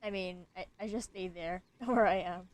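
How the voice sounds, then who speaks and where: A woman's voice: lowish voice, normal speed. A woman playing in a tabletop game, chiming in with short, giggly quips. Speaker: player. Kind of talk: casual chat during a tabletop game.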